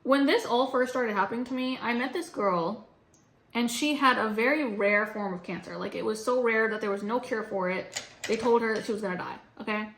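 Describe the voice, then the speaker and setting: A woman's voice: a little high, normal speed, fairly bright tone. A young woman vlogging, venting casually and frankly, rambling with lots of "like". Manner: rambling, frank, heavy use of "like". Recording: roomy echo.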